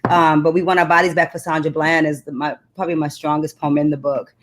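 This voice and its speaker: A woman's voice: deep voice, flat delivery, fast talker. A woman poet who recites spoken-word poetry with repeated refrains, then talks earnestly and reflectively as an interview guest. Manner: earnest, reflective conversational talk.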